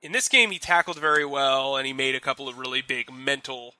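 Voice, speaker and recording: A young man co-hosting a casual sports analysis chat, talking in quick animated bursts with frequent restarts. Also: medium pitch, no room sound. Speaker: sports reporter co-host.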